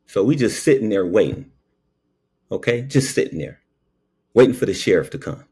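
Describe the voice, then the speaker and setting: A man's voice: fairly low pitch, big pitch swings, normal speed, darkish tone, husky. A man who works as a paramedic, telling a story in a casual, preachy monologue and tagging his lines with "okay?".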